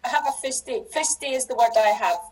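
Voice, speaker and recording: A woman's voice: fairly high pitch, fast, husky, low-quality recording. A Scottish woman, a podcast guest and educator, chatting casually and laughing often as she trails off and restarts. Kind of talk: casual chat.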